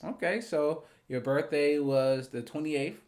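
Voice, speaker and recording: A man's voice: a little high, measured pace, a little mellow. A man co-hosting a podcast in casual chat, joking and teasing his partner. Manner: joking, playful. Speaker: podcast co-host.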